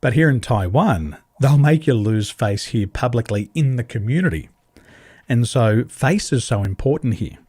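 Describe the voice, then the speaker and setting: An Australian man talks bluntly in a relaxed podcast chat, his pitch moving around a lot as he jokes. His voice is a little husky, and the sound is dry and close, with no room around it. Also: moderate pace, no echo. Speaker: guest. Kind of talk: casual podcast conversation.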